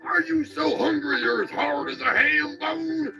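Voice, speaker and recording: A man doing a hollering hillbilly ad pitchman. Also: measured pace, creaky, over music, heavily acted, poor audio. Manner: hollering, lewd, folksy. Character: rowdy male hillbilly restaurant ad pitchman. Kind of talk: mock radio commercial.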